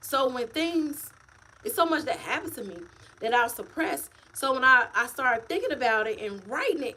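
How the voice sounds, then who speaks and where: A woman author talking casually to her livestream viewers, animated and repetitive, calling them y'all. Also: sits high, normal speed, rough recording. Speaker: author and vlogger. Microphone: phone or webcam, livestream.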